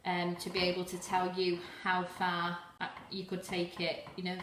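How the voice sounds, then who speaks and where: A woman's voice: fairly low pitch, completely flat delivery, moderate pace, a bit bright. A woman hosting a live cooking demo, talking casually while stirring, at times a little out of breath. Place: home kitchen. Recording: echoey kitchen with noise.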